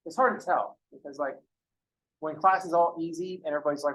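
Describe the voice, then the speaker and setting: A man's voice: a little high, brisk, fairly bright tone, low-quality recording. A man teaching a math class, lecturing casually and going off on joking, rambling asides to his students in a classroom. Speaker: math professor.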